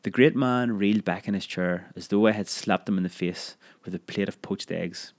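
A man narrating a memoir audiobook in a measured, expressive storytelling manner. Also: low voice.

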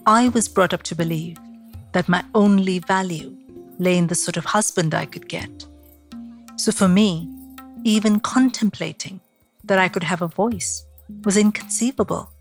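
A woman's voice: fairly low pitch, normal speed, faint music behind. Reflective Indian-accented woman podcast host. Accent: Indian, mix of Mumbai, Kerala and East London. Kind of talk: podcast interview and scripted narration.

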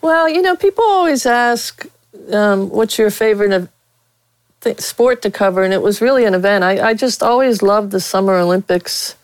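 A woman's voice: medium pitch, expressive, moderate pace, clear, resonant tone, dry recording, poor audio. A middle-aged woman from Pittsburgh, a veteran sportswriter, telling frank stories with a blunt, candid manner as an interview guest.

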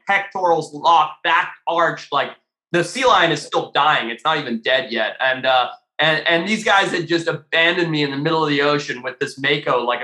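Bright-voiced man telling a wild story. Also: a little high, roomy sound. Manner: animated, swears freely, many fillers. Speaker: podcast guest, shark diver. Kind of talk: casual storytelling.

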